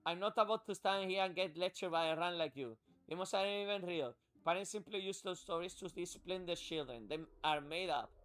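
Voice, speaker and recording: A man's voice: high-pitched, brisk, few pauses, fairly bright tone, clear, resonant tone, faint music behind. A man reading out the lines of a haughty, cruel noblewoman who owns a slave, with a scornful manner. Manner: scornful, contemptuous. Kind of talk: reading game dialogue aloud.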